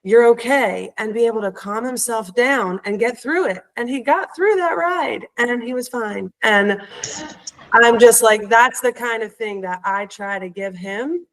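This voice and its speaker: A woman in her thirties, a podcast guest, telling a heartfelt personal story and growing animated as she retells it. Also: fairly high pitch, unhurried, low-quality recording.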